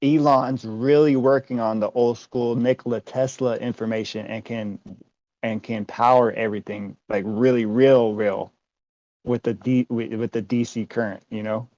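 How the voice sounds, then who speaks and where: A man's voice: medium pitch, fairly even intonation, normal speed, mellow, no room sound. Male co-host, speculative musing talker with a loose mouth, dry muffled lo-fi recording. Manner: musing, speculative, swears casually. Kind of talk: casual conversation. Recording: dry, dull lo-fi sound.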